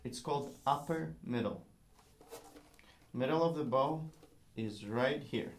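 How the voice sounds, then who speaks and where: A violin teacher who isn't a native English speaker gives a patient, encouraging one-on-one lesson, singing rhythms aloud. His voice is medium-pitched and unhurried, with slight background noise.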